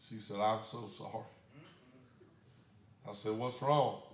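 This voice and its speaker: A man's voice: fairly low pitch, fairly even intonation, slow pace, echoey room. A man, a pastor telling a story in a sermon in a plain, folksy way. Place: church sanctuary.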